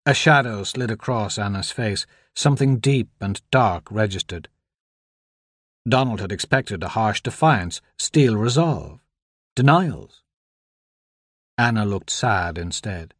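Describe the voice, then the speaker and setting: Slow, measured male audiobook narrator. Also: fairly low pitch, lively intonation, a bit bright, no room sound, studio quality. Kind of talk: scripted narration.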